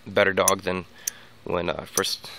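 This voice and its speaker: Deep, gravelly male vlogger; loose rambling delivery full of restarts; faint background hiss. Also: monotone, measured pace. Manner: rambling, many restarts and repeated words. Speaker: dog owner giving training tips. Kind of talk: casual unscripted vlog monologue.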